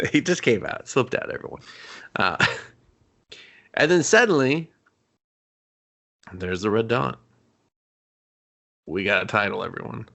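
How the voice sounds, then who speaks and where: A man's voice: on the low side, lively intonation, slow, gravelly, long pauses, sharp tone. A man co-hosting a movie podcast, retelling scenes in casual chat with mocking voices, swearing and laughing. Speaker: podcast co-host.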